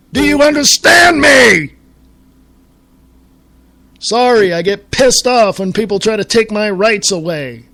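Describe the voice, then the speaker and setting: Ranting man hosting talk radio, high voice. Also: fairly bright tone. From United States. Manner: ranting, profane, reads quotes aloud. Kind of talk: angry political commentary.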